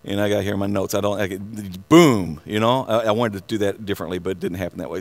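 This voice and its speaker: A man preaching a sermon, earnest, often repeating words and restarting, then building to loud excited passages. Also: on the low side, fast, hardly any pauses. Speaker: pastor.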